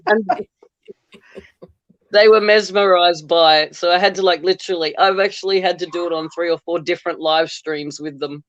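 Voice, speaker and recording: High-voiced man, chatty. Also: steady tone, moderate pace, pauses often, fairly bright tone, no room sound, muffled recording. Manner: chatty, laughs often. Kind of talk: casual chat.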